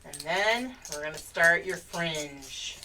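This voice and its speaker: A woman teaching a live painting lesson, giving gentle step-by-step instructions and laughing easily. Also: fairly low pitch, lively intonation, slow. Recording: distant mic with faint background noise.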